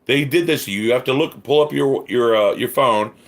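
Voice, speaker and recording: A man's voice: medium pitch, brisk. A man hosting a livestream, ranting furiously with heavy swearing and sarcastic mock voices, then reading the chat. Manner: stammering restarts. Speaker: livestream host.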